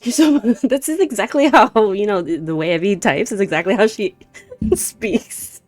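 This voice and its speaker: A woman's voice: medium pitch, moderate pace, a little mellow. A woman in her thirties chatting casually on a live stream while doing a card reading, greeting viewers by name and laughing often.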